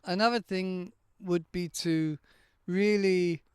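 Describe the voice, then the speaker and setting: A man talks in a smooth, resonant voice pitched a little high for a man. He explains pronunciation patiently, sounding words out one at a time. The sound is dry and close, from a handheld microphone. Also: fairly even intonation, slow pace, no room sound. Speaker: English teacher and podcast host. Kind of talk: casual podcast monologue.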